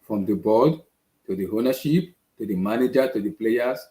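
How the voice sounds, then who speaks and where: Hosting his football fan show, this man speaks at a normal speed in a lowish, warm, animated voice. His casual rant comes out frustrated and repetitive, as he circles back to the same points in exasperation. There's noticeable echo in the room.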